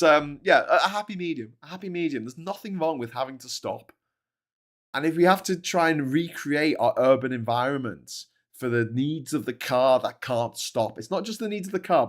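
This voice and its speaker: A man hosting a casual spoken commentary, rambling and animated with frequent restarts. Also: mid-range voice. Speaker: host.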